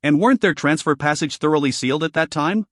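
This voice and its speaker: A man's voice: on the high side, fast talker, fairly bright tone, dry recording, clean studio sound, lightly acted. A man voicing an earnest, determined young male warrior in a fantasy audiobook, asking startled questions.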